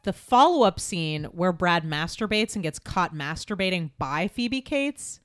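A woman hosting a casual podcast chat, leading the talk in a quick, animated way. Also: lowish voice, no room sound, clean studio sound. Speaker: podcast host.

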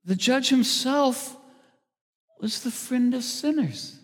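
A man, a pastor, preaching a sermon, swinging between loud emphasis and hushed asides. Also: very high-pitched, takes it slowly, slightly rough. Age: older. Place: church sanctuary. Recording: church hall reverb.

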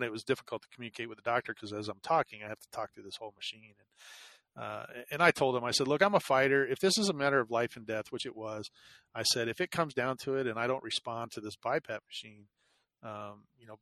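A man telling a long personal story in easygoing conversation, full of fillers, restarts and wry asides about himself. His voice sits at an ordinary pitch and sounds dry and close to the mic. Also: pushed and bright, no room sound. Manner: rambling, self-deprecating, many fillers and restarts.

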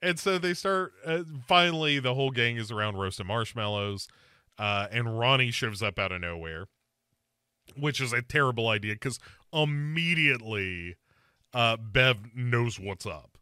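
A man's voice: mid-range voice, a little slow, pushed and bright, clean tone, no room sound, studio quality. A man hosting a podcast, casually recapping a movie with wry mock quotes. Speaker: podcast host. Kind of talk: casual movie review chat.

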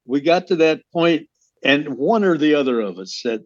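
A man's voice: a little high, lively intonation, moderate pace, dry recording. A man, a guest songwriter, chatting in an interview, laughing often and speaking with emphasis. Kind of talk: casual interview chat. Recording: dull lo-fi, dry sound.

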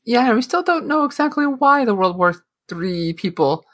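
A woman co-hosting a casual podcast discussion, retelling scenes in an animated way and acting out quotes. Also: on the high side, normal speed. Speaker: podcast co-host.

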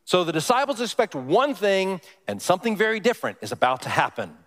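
A man's voice: sits high, very animated, a little fast, a bit bright. Man preaching in a reverberant hall. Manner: conversational, asks the congregation questions. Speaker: pastor. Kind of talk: sermon.

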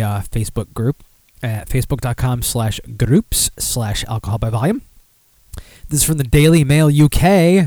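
A man's voice: medium pitch, darkish tone, dry recording. Rambling, profane man on a dry podcast mic. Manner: rambling, profane, self-deprecating, many fillers. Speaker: podcast host. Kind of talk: casual beer podcast chat, reading news aloud.

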